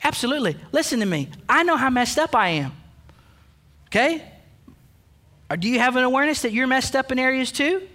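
A man's voice: extremely high pitch, expressive, fairly quick, long pauses, pushed and bright. A man pastor preaching a sermon, emphatic and direct, calling out the men with playful asides. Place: church sanctuary.

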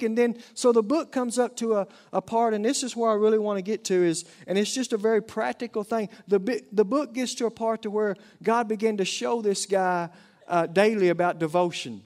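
A man's voice: high-pitched, a little mellow. A middle-aged man with an Oklahoma Southern accent, preaching a folksy, conversational sermon to a congregation.

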